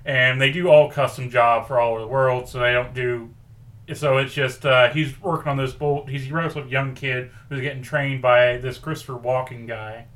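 A man co-hosting a podcast, pitching a story in rambling casual chat and acting out quoted lines. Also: fairly even intonation, normal speed, fairly bright tone. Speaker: podcast co-host pitching a movie idea.

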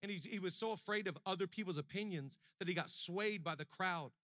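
Male pastor, high bright tenor, dry close sound, chatty sermon that swells into emphatic repetition. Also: fairly quick, no room sound. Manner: conversational preaching that builds to emphatic repetition.

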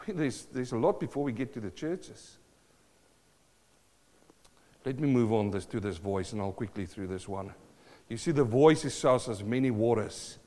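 In a hall full of echo, a male pastor of medium pitch delivers a sermon at a measured pace, leaving long pauses. He preaches with animation, repeats phrases, and laughs between points.

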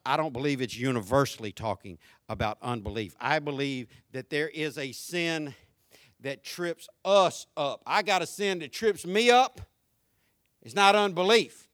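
A man preaching a sermon as pastor, folksy and joking, swinging from shouts down to quiet, low talk. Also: moderate pace, no room sound, studio quality. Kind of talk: conversational sermon.

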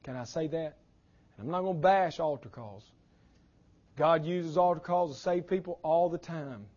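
A man preaching a sermon as pastor, impassioned, his voice swinging from loud declarations to hushed lines. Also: fairly high pitch, normal speed, lo-fi sound.

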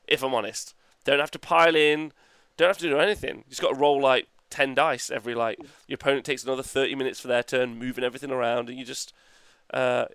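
Rambling, excitable man on a podcast. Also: medium pitch, dry recording. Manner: enthusiastic, rambling, laughs often, swears casually. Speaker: podcast co-host. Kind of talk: casual chat.

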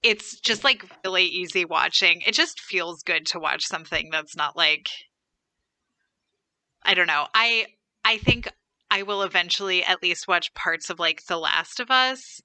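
Woman, podcast co-host, casual chat, "like" fillers, very bright, dry. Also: on the low side, measured pace, dry recording. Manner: chatty, many "like" fillers.

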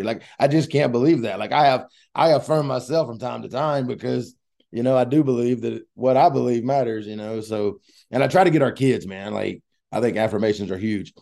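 A man hosts a casual coaching podcast with a mellow, dark tone. His voice carries a gravelly edge. He talks in an eager, loosely rambling way. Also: mid-range voice, fairly quick. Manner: enthusiastic, rambling.

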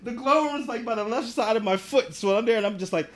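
A man with a fairly high voice tells a long story in a casual podcast chat. He acts out each person as he goes and laughs through the tense moments. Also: fast talker, over a noisy crowd. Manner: animated, acts out the people in his stories, laughs often.

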